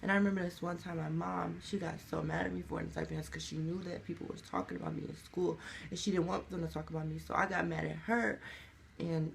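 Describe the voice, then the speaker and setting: A man's voice: on the high side, little pitch movement, fast, gravelly, slight background noise. A young man telling his story in an emotional, rambling confessional vlog. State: crying. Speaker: vlogger.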